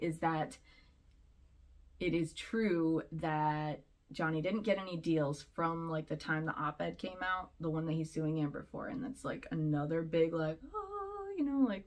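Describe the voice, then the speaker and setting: A woman with a fairly low-pitched voice talks her way through her opinions in a loose, rambling way. She is a vlogger giving casual commentary and laughs now and then between points.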